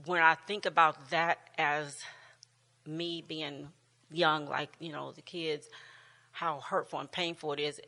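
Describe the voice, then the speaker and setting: Chatty woman in her sixties, bright voice. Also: low voice, flat delivery, takes it slowly, in a large hall. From United States. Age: 60s. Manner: chatty, laughing often, warm storytelling with many restarts. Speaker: church class teacher. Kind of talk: casual talk to a class. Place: church room with long reverb.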